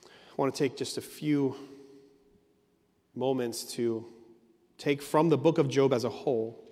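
A man's voice: medium pitch, unhurried, mellow. Earnest preaching man in a reverberant hall. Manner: earnest preaching with emphatic repetition. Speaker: pastor. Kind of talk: sermon.

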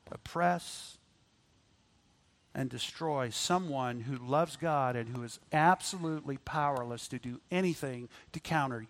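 A man preaching a sermon, moving between loud emphatic lines and quiet asides. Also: fairly high pitch.

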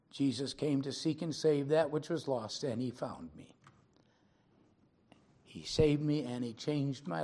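Slow, earnest older preacher. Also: male voice, fairly high pitch. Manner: slow and earnest, rising to loud dramatic recitation. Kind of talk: sermon closing with a recited poem and prayer.

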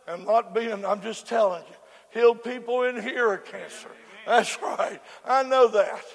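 A man preaching a sermon, swinging between loud shouted cries and low, quiet storytelling. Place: church. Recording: echoey hall with faint congregation.

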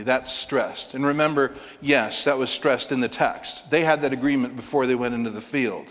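A male preacher walks his listeners through a Bible passage verse by verse in an ordinary mid-range voice. He stays animated, acting out the characters with quick asides and chuckles. His voice rings with long reverb from a church hall. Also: mid-range voice. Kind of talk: expository Bible teaching.

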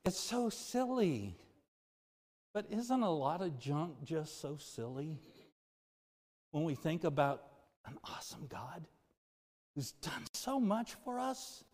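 A pastor preaching a sermon, moving from loud, emphatic lines to low, quiet confession. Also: male voice, very animated, slow pace, long pauses. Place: church sanctuary. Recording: music and long reverb of a church hall.

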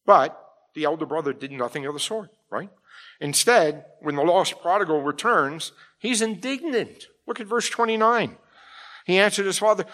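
A man's voice: high-pitched, lively intonation, moderate pace, fairly bright tone. A middle-aged man preaching a sermon, emphatic, often checking in with his listeners with "all right?". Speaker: pastor.

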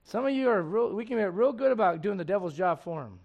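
A man's voice: high voice, lively intonation, fast talker, darkish tone, muffled recording. A man preaching a sermon in an impassioned, conversational way, firing off rhetorical questions to his listeners.

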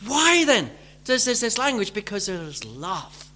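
A male preacher with a bright, high voice delivers a sermon at an unhurried pace. He explains gently, then rises into fervent, pleading emphasis. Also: wildly swooping pitch.

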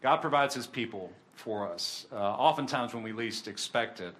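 Male preacher, mid-pitched, earnest sermon delivery that swells on emphasis. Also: lively intonation, normal speed, fairly bright tone. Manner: earnest, rising in intensity on key points.

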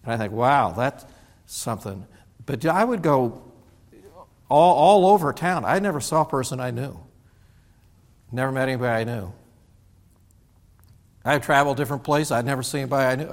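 A man preaching a sermon as pastor, telling folksy stories and acting out other people's lines, originally from Indiana. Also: medium pitch. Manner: folksy storytelling with animated quoted voices. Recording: church sanctuary with long reverb.

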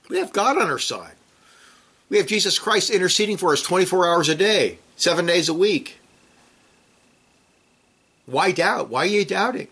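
Bright, earnest male preacher delivering a sermon. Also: fairly high pitch, breathy edge. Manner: earnest, urgent exhortation with rhetorical questions; reads scripture quotations aloud with rising emphasis.

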